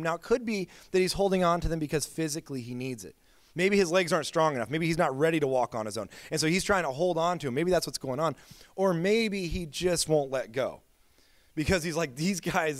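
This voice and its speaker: A man's voice: fairly high pitch, dry recording, studio quality. A man preaching a sermon as pastor, telling stories in a casual, chatty way with lots of filler words. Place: church.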